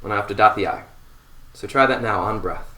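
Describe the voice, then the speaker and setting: Calm man guiding a voice warmup, roomy. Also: on the low side, noisy background. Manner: slow, calm instructions with sustained hums. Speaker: voice teacher. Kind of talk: guided voice warmup. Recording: roomy echo.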